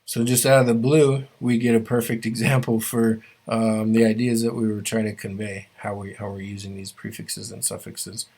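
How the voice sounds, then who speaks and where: Low-voiced man teaching an online class. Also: moderate pace, hardly any pauses. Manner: relaxed, many fillers and restarts. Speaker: language teacher.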